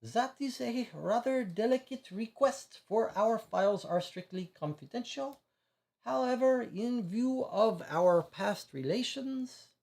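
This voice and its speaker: A man's voice: extremely high pitch, lively intonation, measured pace, creaky, darkish tone, pitched above the performer's own voice, heavily acted. A man voicing a polite middle-aged male French diplomat in an attempted French accent that keeps slipping. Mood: formal.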